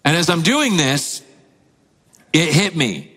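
A man in his thirties, a pastor preaching a sermon, telling a family story with lively acted-out quotes. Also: a little high, takes it slowly, breathy edge, long reverb tail. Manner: animated storyteller, acts out quotes, laughs often.

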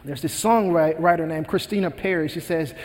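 A man's voice: on the high side, moderate pace, in a large hall. A male pastor preaching a sermon, retelling a parable with earnest, emphatic repetition.

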